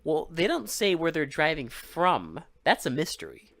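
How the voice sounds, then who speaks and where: A man's voice: fairly high pitch, wildly swooping pitch, moderate pace, a bit bright. A man co-hosting a podcast, recapping a movie in casual, sarcastic chat, swearing freely and acting out the characters. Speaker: podcast co-host.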